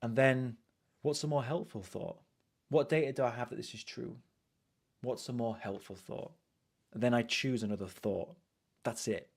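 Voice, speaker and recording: Delivering a relaxed live coaching session, this British-accented man keeps circling back to the same phrases and drops "you know" frequently. His husky, creaky voice is medium in pitch, moves at normal speed, and leaves long pauses.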